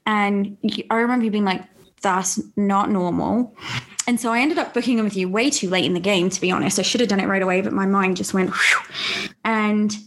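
A young adult woman hosting a podcast, telling a personal story in casual chat, animated and quick to laugh. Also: mid-range voice. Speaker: podcast host.

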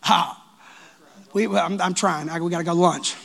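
A man preaching a sermon as pastor of his church, lively and joking with the congregation. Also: high-pitched, normal speed, creaky. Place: church sanctuary.

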